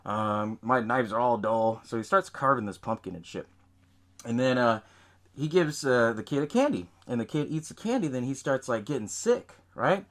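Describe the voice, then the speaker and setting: A man's voice: mid-range voice, very animated, moderate pace, fairly bright tone. A man hosting a podcast, casually recapping a horror film in a rambling, profane way. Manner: rambling, profane, laughs at own retelling. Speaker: podcast host.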